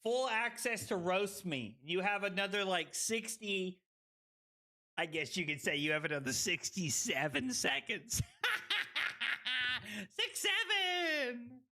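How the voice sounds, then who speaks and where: A man streaming a card game, tipsy from drinking, who breaks into loud excited outbursts and giggly laughter. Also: high-pitched, unhurried, faint music behind. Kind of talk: live stream gameplay commentary.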